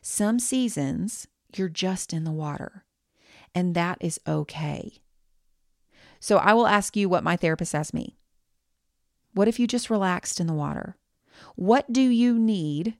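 A woman's voice: fairly low pitch, a little mellow, dry recording, studio quality. A woman hosting her own podcast, giving a candid, reassuring pep talk. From United States. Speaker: podcast host.

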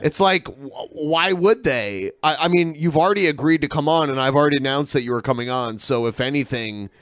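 A man hosting a casual podcast, ranting excitedly and swearing often. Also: fairly high pitch, a little fast, no echo, studio quality. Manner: profane, excitable rants. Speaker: podcast host.

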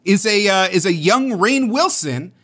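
A young adult man co-hosting a casual podcast, telling stories in an animated, rambling way. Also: high voice, unhurried. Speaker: podcast co-host.

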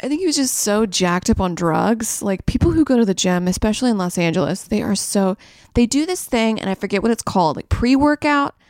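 A woman's voice: medium pitch, animated, fairly quick, a little mellow, dry recording, clean studio sound. A young woman co-hosting a podcast, rambling through crude, joking stories in a casual chat. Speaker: podcast co-host. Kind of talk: casual comedic monologue.

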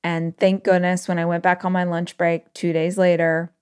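A woman podcast host telling a personal story in an emotional, animated way with quick bursts. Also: fairly low pitch, clean tone.

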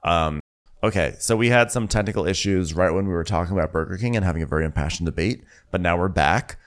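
A man's voice: sits low, quick pace. A man co-hosting a podcast, chatting casually over a video call, laughing often and acting out scenes. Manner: animated, laughs a lot, acts out cast members. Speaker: podcast co-host. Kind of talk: casual recap chat. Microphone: remote video call.

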